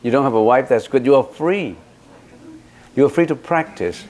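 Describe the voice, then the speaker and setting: Male Buddhist teacher, mid-pitched voice, emphatic dharma talk full of rhetorical questions. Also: moderate pace, a little mellow.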